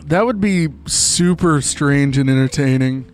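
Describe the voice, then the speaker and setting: A young man with a slightly high voice streams a game live, chatting at a measured pace with faint music behind him. His talk is rambling and jokey, often slipping into silly voices.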